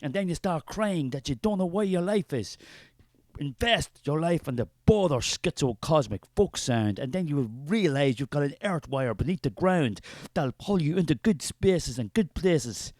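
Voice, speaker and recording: A man's voice: on the high side, animated, moderate pace, a little mellow, dry recording, close to an everyday voice. An Irish man playing a preachy, fervent male spirit of artistic creativity who rambles grandly in a comic character sketch.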